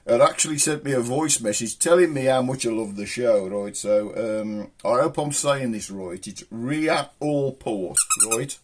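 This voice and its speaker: A man's voice: mid-range voice, unhurried, hardly any pauses, darkish tone. A man hosting a comedy show in a jokey, rambling way. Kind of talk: casual comic monologue.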